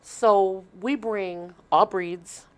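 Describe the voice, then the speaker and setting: A woman's voice: mid-range voice, steady tone, very slow. Earnest Midwestern woman explaining at length. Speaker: shelter marketing manager, guest. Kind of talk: casual interview talk.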